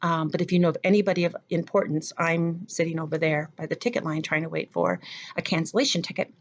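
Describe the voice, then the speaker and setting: A middle-aged woman with a fairly low voice tells a personal story as a theater professor. She acts out every exchange and lets her pitch leap up when she quotes others. Her delivery is animated and conversational. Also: fast talker, muffled recording. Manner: animated retelling, acting out dialogue with pitch jumps.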